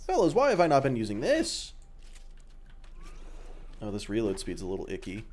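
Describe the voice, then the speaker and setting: A man's voice: on the low side, huge pitch swings, normal speed, a little mellow, a little hiss or hum. A young Australian man streaming a game and chatting casually with viewers, joking and swearing freely. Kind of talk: casual chat while gaming.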